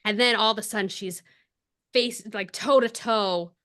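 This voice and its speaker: A woman's voice: mid-range voice, moderate pace, a bit bright. A woman co-hosting a podcast, animatedly retelling a story with frequent laughs and fillers. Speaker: podcast co-host. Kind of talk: casual chat retelling a story.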